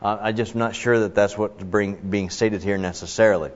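A man's voice: lowish voice, fairly even intonation, moderate pace. A man teaching a casual Bible study lesson and walking through a sentence diagram, chatty and self-deprecating, full of fillers and restarts. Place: work-from-home setting. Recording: dull lo-fi sound with long reverb.

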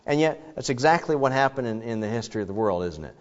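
Man, preacher, conversational sermon, mid-pitched, long hall reverb. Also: fast. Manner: conversational, rises to animated rhetorical questions. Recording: dull, reverberant hall sound.

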